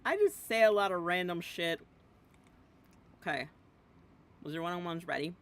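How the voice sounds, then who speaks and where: A woman's voice: fairly low pitch, moderate pace, slight background noise. A woman streaming a video game in casual, rambling chatter, often giggly and jumping between topics, sometimes mumbling to herself while she eats. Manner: talks while eating, mumbling "yum" and "nom" to herself.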